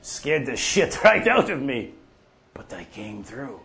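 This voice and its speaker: An actor playing an older farmer off the drink who tells profane, folksy stories. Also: male voice, mid-range voice, very animated, takes it slowly, a bit bright, slight background noise, heavily acted. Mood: rambling. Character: older male prairie farmer off the drink, gruff storyteller. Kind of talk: monologue.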